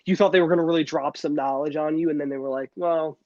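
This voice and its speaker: A man's voice: a little high, fairly even intonation, fast, a little mellow, no room sound, muffled recording. A young man co-hosting a podcast in casual chat, rambling with many restarts and fillers. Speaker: podcast co-host.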